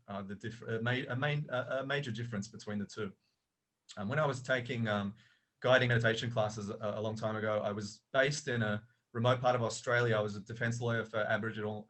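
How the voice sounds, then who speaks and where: A man's voice: medium pitch, a bit bright. A middle-aged man, a coach and author, telling a story as a podcast guest, with many restarts and fillers.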